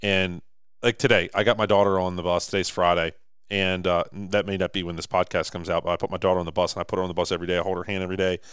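A man in his thirties co-hosting a podcast, telling stories with lively acted-out quotes. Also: sits low, very fast, clear, resonant tone, no room sound, studio quality. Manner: animated storyteller, acts out quotes. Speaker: podcast co-host. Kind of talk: casual podcast chat.

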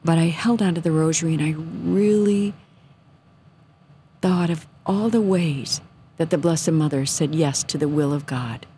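A woman telling a personal faith story on a radio show, earnest and sometimes hushed. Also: deep voice, unhurried, a little hiss or hum. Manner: earnest, drops to a soft hush at moments. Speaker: guest telling her story.

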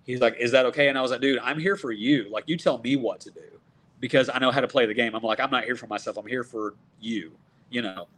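A man from Texas, a wrestler in his thirties, telling stories in a casual, animated way and acting out what people said. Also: medium pitch, quick pace. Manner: animated, acts out quoted dialogue. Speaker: professional wrestler guest. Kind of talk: casual storytelling.

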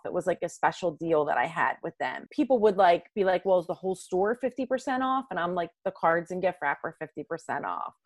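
A woman's voice: on the low side, no echo. A middle-aged woman in an interview, telling stories from her old job and acting out the dialogue with lots of "like". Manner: animated storyteller, acts out quoted dialogue, uses "like" a lot. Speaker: interview guest, former probation officer. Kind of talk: storytelling interview answers.

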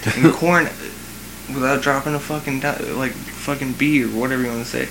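A man's voice: mid-range voice, fairly even intonation, a little fast. Swearing man telling stories over noise. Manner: rambling storyteller, heavy swearing, coughs. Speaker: podcast co-host. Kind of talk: casual chat. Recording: loud background noise.

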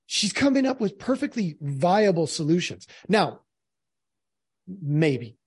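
A man's voice: sits high, sing-song, slow, darkish tone, husky, no echo. A man commenting earnestly on a played clip, speaking directly to his audience. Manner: earnest, addresses the audience as folks.

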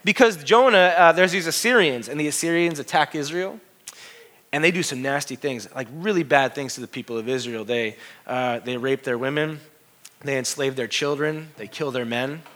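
A man preaching a sermon as pastor, lively and conversational, acting out God's words and asking the congregation questions. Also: on the high side, moderate pace. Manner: lively preaching, voicing God and scripture, asides to the congregation.

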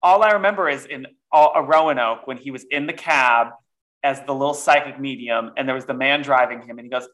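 A man in a casual podcast chat, animated and theatrical, who swears freely. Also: medium pitch, a little fast. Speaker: podcast co-host.

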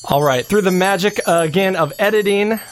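A man's voice: high-pitched, fairly quick, slight background noise. Jokey American man hosting a podcast. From United States. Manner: jokey, playful banter. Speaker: podcast host. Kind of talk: casual chat.

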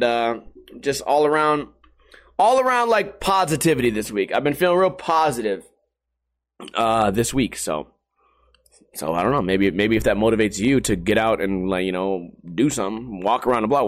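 A young man talks from home on his stream, loose and profane, wandering from story to story and cracking himself up. His voice sits high for a man, and the delivery stays casual and crude throughout. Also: a bit bright. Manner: crude, rambling, laughs at own stories.

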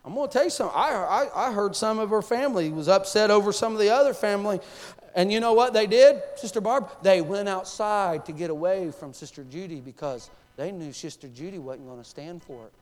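A man's voice: high-pitched, fairly quick, big-room sound. A man preaching as assistant pastor, speaking passionately and directly to his congregation. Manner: impassioned, addresses congregation directly. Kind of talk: sermon. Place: church sanctuary.

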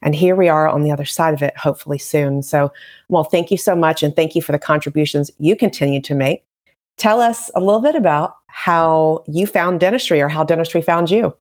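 A woman's voice: sits low, fairly quick, darkish tone. A woman, a dental hygienist hosting a podcast in an upbeat, emphatic way. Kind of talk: scripted intro then casual interview chat.

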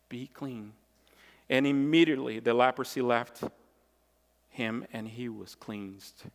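Slow, impassioned preaching man. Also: medium pitch. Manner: impassioned, emphatic preaching with repeated phrases. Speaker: pastor. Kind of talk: sermon. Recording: long reverb of a large hall.

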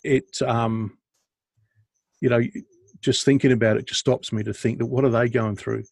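A man's voice: mid-range voice, fairly even intonation, normal speed, vocal fry, darkish tone, no echo. A man co-hosting a podcast, chatting casually and telling stories in a rambling, jokey way over a video call. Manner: rambling, jokey, with restarts and bursts of laughter. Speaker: podcast co-host. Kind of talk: casual chat and storytelling.

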